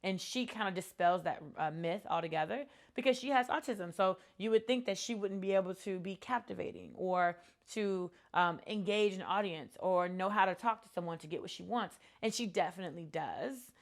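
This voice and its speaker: A woman's voice: mid-range voice, normal speed, hardly any pauses. Earnest woman vlogger sharing lessons. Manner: earnest, reflective, many fillers. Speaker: entrepreneur vlogger. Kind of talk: casual talk to camera.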